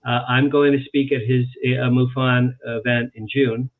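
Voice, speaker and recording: An animated man, a guest on a talk show, spins anecdotes and repeats his phrases for emphasis. His mid-pitched voice comes through a narrow, tinny phone-like line. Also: measured pace. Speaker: author guest. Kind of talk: storytelling in a talk-show interview.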